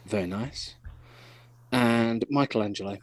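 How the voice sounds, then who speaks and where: A man's voice: a little slow, background noise. A man co-hosting a casual podcast, talking in a rambling, chatty way with frequent restarts. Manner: rambling, chatty, lively pitch, laughs often. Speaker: podcast host. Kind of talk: casual chat.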